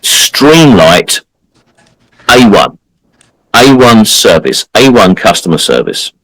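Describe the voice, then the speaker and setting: A man's voice: lowish voice, very animated, slow pace, fairly bright tone, breathy edge, no room sound, rough recording. A man co-hosting a podcast, telling a story in a casual, emphatic way and acting out the people he quotes. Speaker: podcast co-host.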